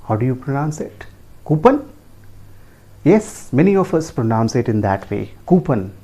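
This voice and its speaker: Indian English teacher spelling words slowly. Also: male voice, medium pitch, very animated, mellow. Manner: repetitive, slow letter-by-letter spelling, rising checking questions. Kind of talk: pronunciation lesson.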